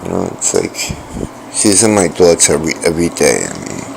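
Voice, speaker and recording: A middle-aged man telling a personal story in a halting way, with many restarts and fillers. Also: rumbling low, sing-song, gravelly, very noisy. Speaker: vlogger. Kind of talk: rambling personal account.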